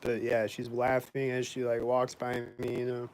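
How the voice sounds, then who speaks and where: A man talks straight to camera in a loose, rambling vlog, complaining with indignant disbelief. His speech is full of "like" and casual swearing. His voice sits at an ordinary middle pitch, with a faint hiss of noise behind it. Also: completely flat delivery, normal speed, darkish tone, rough recording. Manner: rambling, heavy use of "like", frequent swearing. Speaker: vlogger.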